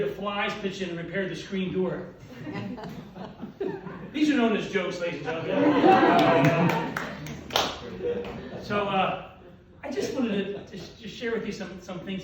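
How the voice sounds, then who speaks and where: A man's voice: sits high, far from the mic. Older man doing one-liners in an echoey hall. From Wilmington, Delaware, US. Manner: rapid one-liners with self-deprecating asides. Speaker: orthopedic surgeon telling jokes. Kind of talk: stand-up comedy at a dinner event. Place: banquet hall with audience. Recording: roomy hall audio with crowd laughter.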